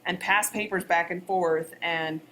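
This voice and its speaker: A woman's voice: on the low side, steady tone, unhurried, a bit bright, a little hiss or hum. A woman co-hosting a history podcast, explaining events in a conversational way. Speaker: history teacher, podcast co-host. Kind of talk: educational podcast discussion.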